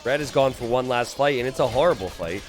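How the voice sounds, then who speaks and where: Lively, animated male game commentator. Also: mid-range voice, music in the background. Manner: animated, excitable, quick to laugh and exclaim; chatty, asks the viewers questions. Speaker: game commentator and channel host. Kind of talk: casual gameplay commentary.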